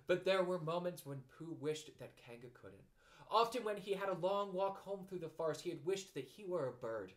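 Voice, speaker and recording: A man narrating a children's storybook in a gentle, expressive way. His voice sits a little high for a man and moves in lively rises and falls. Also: normal speed. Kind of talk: storybook reading.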